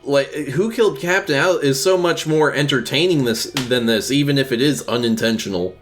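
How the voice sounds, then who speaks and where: A man's voice: mid-range voice, fairly quick, soft background music. A man co-hosting a casual movie-review podcast, blunt and argumentative, swearing freely. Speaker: podcast co-host.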